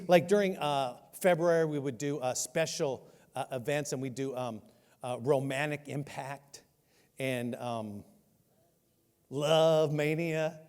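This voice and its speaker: Older male pastor preaching in a hall. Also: a little high. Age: 60s. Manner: storytelling, self-mocking humor, animated. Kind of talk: sermon. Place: church sanctuary. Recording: long hall reverb.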